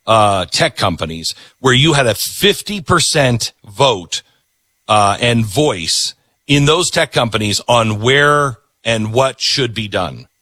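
A middle-aged male talk show host gives a political monologue, hammering his points by repeating words. His voice is bright and slightly husky, and his pitch swings widely. The sound is dry and close. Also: no room sound. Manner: emphatic, repeats words for stress.

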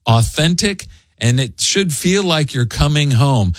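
A man's voice: fairly high pitch, measured pace, no echo. A man hosting a morning radio show, chatting and joking in a studio. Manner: chatty, jokey, lively. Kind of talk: casual morning radio chat. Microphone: studio mic.

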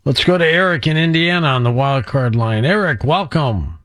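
A man hosting a call-in radio show, relaxed and conversational as he questions guests and takes calls. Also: fairly high pitch, moderate pace, a little hiss or hum. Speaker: radio host.

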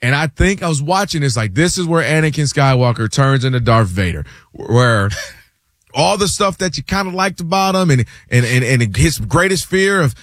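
A man hosting a casual sports talk show, animated and quick to act out what others say. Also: on the high side, no room sound, studio quality. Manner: animated, acts out quotes in other voices, repeats words.

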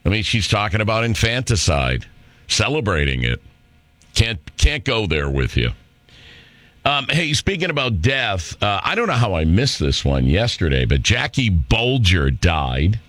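A man's voice: fairly low pitch, sing-song, a little slow, a bit bright, no echo. A middle-aged man hosting a talk radio show, brash, sarcastic and rambling. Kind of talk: opinionated talk radio monologue. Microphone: studio microphone.

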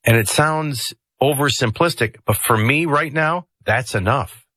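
A middle-aged man hosting a talk radio show, giving conversational political commentary with digressive, animated asides. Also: medium pitch, unhurried, husky, no room sound.

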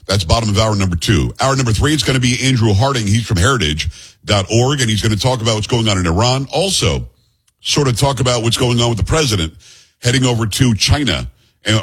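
Rich: A man with a husky, slightly low voice hosts a talk radio show. He speaks casually and with strong opinions, breaking off now and then to joke with his producer. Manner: chatty, opinionated, joking asides to the producer.

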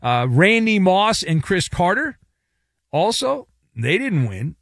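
A male sports talk host with a fairly high, lively voice that leaps up and down as he riffs. His delivery is sarcastic and playful. The sound is close and dry, with no room around it. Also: slow pace, creaky, dry recording. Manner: lively, sarcastic, animated swings in pitch.

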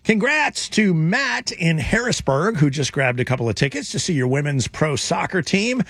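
A man's voice: a little high, sing-song, moderate pace, fairly bright tone, husky, no echo, clean studio sound. A man hosting a radio talk show, reading news items and joking with his co-hosts. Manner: wry, joking, reads news items aloud.

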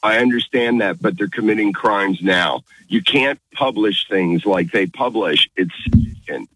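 Deep, bright-toned insistent male caller. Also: measured pace, slightly rough, dry recording. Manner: earnest, insistent. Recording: phone-line caller audio.

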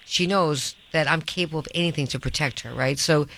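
A woman's voice: low voice, a little fast, a bit bright, low-quality recording. A middle-aged woman hosting a radio talk show, chatting earnestly and often restarting her sentences. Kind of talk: casual radio chat.

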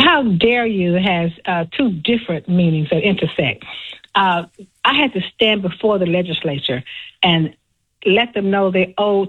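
A woman who is a former university president, speaking deliberately as a guest in a radio interview and repeating words as she goes. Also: lowish voice, slightly rough. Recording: phone-line sound.

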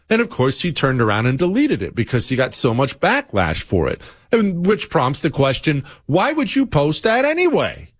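A man hosts a political talk show with an opinionated monologue. His pitch swings widely as he presses each point, and he often repeats phrases for stress. His voice sounds dry, with no room echo.

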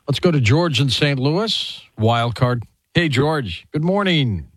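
A man hosts a call-in radio show with an animated, up-and-down delivery, friendly and quick to laugh. The sound is close and dry. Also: medium pitch, no room sound. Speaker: radio host.

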